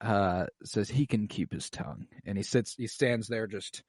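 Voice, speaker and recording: A man's voice: lowish voice, a little slow, darkish tone, husky, dry recording. A man co-hosting a podcast, recapping scenes in casual chat, swearing freely and acting out characters' lines. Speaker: podcast co-host.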